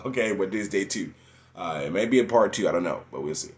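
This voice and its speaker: Animated young man telling his life story. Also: fast. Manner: animated storyteller, voice jumping high when quoting others; laughs often mid-story. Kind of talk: unscripted personal testimony.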